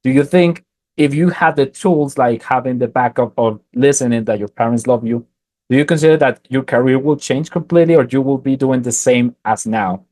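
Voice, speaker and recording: Halting man asking, dry sound. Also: mid-range voice, mellow, dry recording. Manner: halting, searching for words. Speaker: podcast host. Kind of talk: interview questions.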